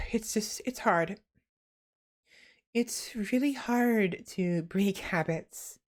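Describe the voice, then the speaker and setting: A young woman chatting casually on her stream in a mid-pitched voice. She talks quickly by habit but keeps reining herself in, stretching words out and enunciating carefully. Frequent sighs and soft laughs break up her phrases. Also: animated. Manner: naturally fast talker deliberately slowing down to enunciate. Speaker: VTuber streamer.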